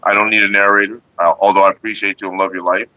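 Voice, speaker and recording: The voice sits on the lower side and races along with no echo. It belongs to a man casually vlogging from Northern California, responding to viewers in a relaxed, rambling, cursing way about staying calm, captured as a dull lo-fi recording.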